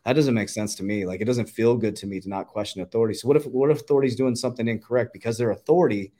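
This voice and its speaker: A man's voice: mid-range voice, mellow. A man in his thirties in casual conversation, telling emphatic stories with some swearing. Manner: fast, emphatic storytelling with swearing.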